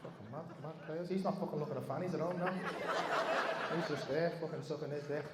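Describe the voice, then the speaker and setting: A man's voice: a little high, a little fast. A man with a Liverpool accent doing sweary, cheeky crowd work as a stand-up comedian in a large theatre. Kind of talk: crowd work and backstage chat. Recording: echoey hall with background noise.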